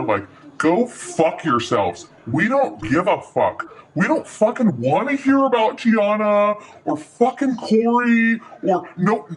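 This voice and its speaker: A male fan rants angrily and swears freely. His voice is disguised and pitched high, and it swoops up and down a lot. He sounds heated throughout. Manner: angry, profane ranting. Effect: disguised pitch-altered voice. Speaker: livestream fan.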